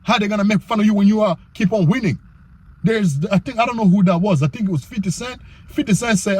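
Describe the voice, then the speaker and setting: Male YouTuber preacher, high and husky voice, emphatic and repetitive, reads verses slowly. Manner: animated and emphatic, often asks "you know what I'm saying?"; reads scripture aloud slowly in old-style wording. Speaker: YouTuber giving faith-based self-control advice. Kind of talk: preachy motivational monologue.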